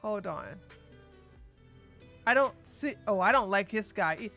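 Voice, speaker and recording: A woman hosting a casual livestream, chatting animatedly and breaking into loud outbursts. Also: medium pitch, animated, takes it slowly, soft background music. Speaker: livestream commentary host.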